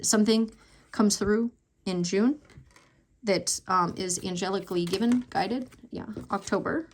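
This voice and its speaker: A woman lays out tarot cards and talks through their messages in a casual, emotional way. She fills her speech with ums, repeated words and soft exclamations while she reads the cards aloud. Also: medium pitch. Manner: emotional, many fillers and restarts, exclamations. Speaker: tarot reader.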